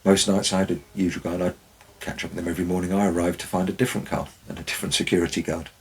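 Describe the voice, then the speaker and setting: A man's voice: low voice, level tone, very fast, slightly rough, rough recording. A man, a former forest warden, tells wry anecdotes in a dry, storytelling way. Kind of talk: storytelling narration.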